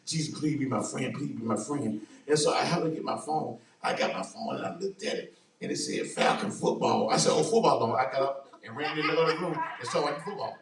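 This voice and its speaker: A man hosting a church talk show, telling a story in a lively, dramatic way with laughter. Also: medium pitch, brisk. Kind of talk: animated storytelling in casual chat. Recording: roomy sound from a distant mic.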